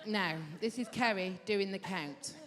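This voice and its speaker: A woman's voice: medium pitch, measured pace, a bit bright. A woman comedian doing live stand-up, teasing and bantering with the audience in a brash way. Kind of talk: live stand-up with crowd work. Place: large live theatre venue. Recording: live hall reverb with audience. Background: audience laughter.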